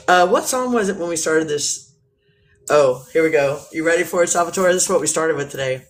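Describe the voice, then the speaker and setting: A woman hosting a casual live stream, joking crudely, greeting viewers and talking in a playful, drawn-out way. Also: sits low. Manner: bawdy, joking, often laughing. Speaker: livestream host.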